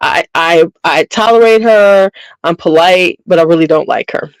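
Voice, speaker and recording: A woman's voice: lowish voice, normal speed, clear, resonant tone, no room sound, low-quality recording. A middle-aged woman hosting her channel, chatting casually and bluntly with viewers in a gossiping, slangy way. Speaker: beauty channel host.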